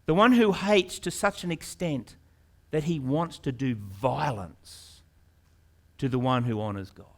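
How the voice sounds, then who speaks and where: A male pastor preaching a sermon in an earnest manner, repeating words and rising into loud, pleading questions. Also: medium pitch, unhurried.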